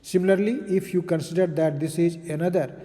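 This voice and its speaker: A man's voice: fairly high pitch, steady tone, fairly quick, mellow, big-room sound. A man giving a recorded physics lecture, explaining step by step with frequent fillers and "okay".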